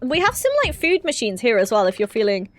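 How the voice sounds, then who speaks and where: A woman streaming a horror game, commenting excitedly, swearing casually and reading the game's dialogue aloud in character. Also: on the high side, a little fast, slight background noise. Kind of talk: let's play commentary.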